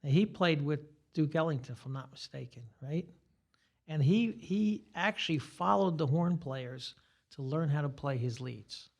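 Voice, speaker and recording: A man's voice: fairly high pitch, moderate pace, creaky. An older man who teaches guitar, giving rambling, teacherly explanations as a guest in a casual podcast interview.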